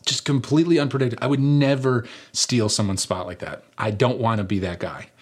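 A middle-aged man preaching, telling a personal story in a conversational, animated way with rhetorical questions. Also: medium pitch, fairly quick, husky. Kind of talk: sermon storytelling.

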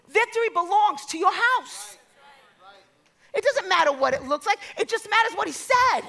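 High, gravelly woman preaching a sermon. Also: a bit bright. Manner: storytelling, acts out quoted voices, builds to exhortation.

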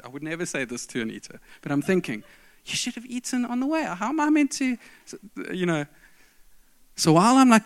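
A man telling a self-mocking story in a sermon, swinging between loud outbursts and hushed asides. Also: a little high.

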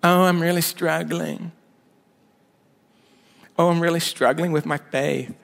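A man's voice: fairly high pitch, steady tone, a little slow, fairly bright tone. A male pastor putting on the voice of a whiny, self-absorbed churchgoer who keeps sighing about his struggles. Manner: whining, breathy sighs, repeating himself. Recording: long reverb of a big hall.

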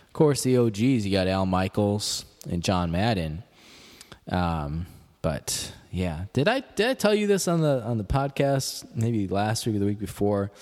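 A man's voice: on the low side, a little mellow, long reverb tail. A man with a Chicago accent hosting a podcast, rambling through jokey, digressive asides in a casual monologue. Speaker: podcast host.

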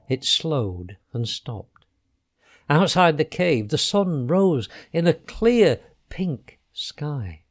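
Slow, expressive male storyteller. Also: mid-range voice. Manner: expressive, unhurried. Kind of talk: children's storybook narration.

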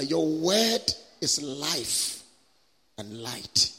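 A man preaching as a guest speaker at a church conference, leading prayer and having the congregation repeat scripture after him with an impassioned, drawn-out cadence. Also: fairly high pitch, sharp tone, breathy edge. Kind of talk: sermon with prayer and call-and-response. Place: large church hall. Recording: long hall reverb.

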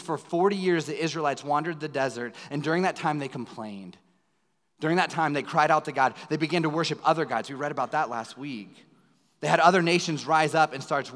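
Male pastor, earnest sermon delivery, rhetorical questions, mid pitch, long hall reverb. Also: a bit bright.

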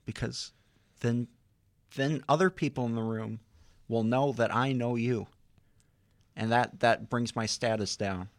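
A man co-hosting a radio comedy bit, boasting deadpan about his own status. His voice sits at an ordinary pitch. The recording is dry and close, with no room sound. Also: measured pace, pauses often, dry recording. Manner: deadpan, mock-arrogant. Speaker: radio show co-host. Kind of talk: casual comedic banter.

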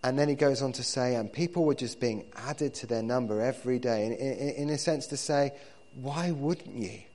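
A male pastor delivering a sermon in an everyday speaking voice at a middle pitch. His delivery is conversational and unpolished, with frequent restarts and doubled words as he gathers his thoughts. He speaks to the congregation the way he would talk to friends. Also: fairly quick, darkish tone. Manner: conversational, repeats words while building points.

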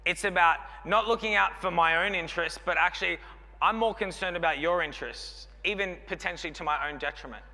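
A man's voice: sits high, brisk, pushed and bright. A man in his thirties with an Australian accent, preaching a sermon in a chatty, joking, rambling way full of fillers. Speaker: pastor. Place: church hall. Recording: long hall reverb.

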